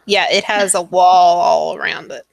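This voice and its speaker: A woman narrating a tabletop game as game master, slow and hesitant with many fillers. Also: fairly low pitch, steady tone, creaky.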